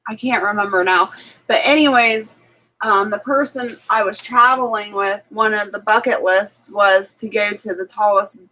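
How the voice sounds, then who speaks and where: A woman's voice: mid-range voice, fairly even intonation, moderate pace, sharp tone, low-quality recording. A woman hosting a live cooking stream from her kitchen, chatting casually with viewers, telling stories with plenty of fillers and frequent laughter. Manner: chatty storyteller, laughs often, filler-heavy. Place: home kitchen.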